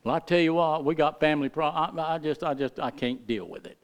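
A middle-aged male pastor preaching a sermon with impassioned emphasis, his delivery swinging between loud, rising lines and hushed, quiet ones. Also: on the high side, a little fast.

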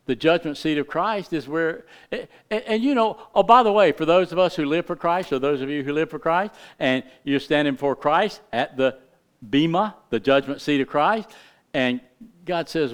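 A middle-aged male pastor preaching a sermon with impassioned emphasis, his delivery swinging between loud, rising lines and hushed, quiet ones. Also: fairly high pitch, expressive, normal speed, clear, resonant tone.

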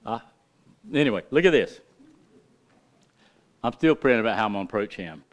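A man's voice: fairly low pitch, animated, normal speed, long pauses. A middle-aged man preaching a sermon in a folksy, emphatic way, full of rhetorical questions. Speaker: pastor.

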